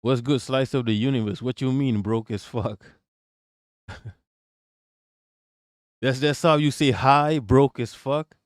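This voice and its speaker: A man hosting a casual livestream, reacting to a video and shouting out his chat in slangy, profane talk. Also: mid-range voice, slow pace, long pauses, dry recording, studio quality.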